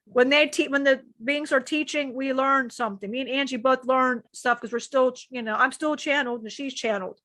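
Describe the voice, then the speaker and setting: A woman's voice: sits high, steady tone, a little fast, few pauses, fairly bright tone, no room sound. A woman co-hosting a live stream, sharing personal struggles in a rambling, emotional way, often restarting sentences and swearing casually. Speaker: channeler co-host.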